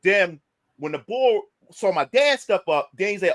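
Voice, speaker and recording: A man's voice: high-pitched, measured pace, no echo. A man casually retelling a heated confrontation, swearing a lot and acting out what everyone said. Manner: animated, profane retelling of a confrontation, acting out quotes. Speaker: podcast guest. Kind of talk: casual storytelling.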